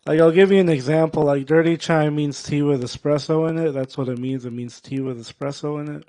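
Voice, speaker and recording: A male stand-up comedian doing a set, loud and profane, working the crowd. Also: a little high, steady tone, a little fast. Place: comedy show stage.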